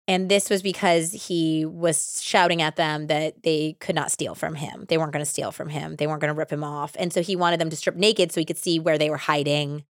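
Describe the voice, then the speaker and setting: A woman hosting a true crime podcast, casually retelling a case with animated acted-out quotes and lots of "like". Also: on the low side, dry recording, studio quality. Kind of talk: casual storytelling.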